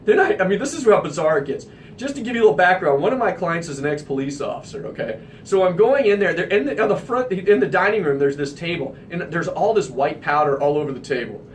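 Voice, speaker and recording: High-voiced man hosting a talk radio show. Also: far from the mic, slight background noise. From Midwestern United States. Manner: animated, emphatic anecdote telling.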